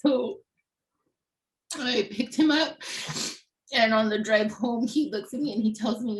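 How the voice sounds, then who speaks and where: A woman in her thirties giving an emotional personal testimony, halting with pauses and fillers and often clearing her throat. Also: medium pitch, low-quality recording. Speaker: family member speaking on a webinar panel.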